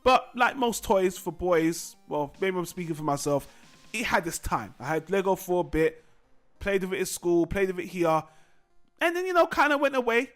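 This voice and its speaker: High-voiced man hosting a casual chat. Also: lively intonation, moderate pace, fairly bright tone, soft background music. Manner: rambling, conversational, many restarts. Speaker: podcast host.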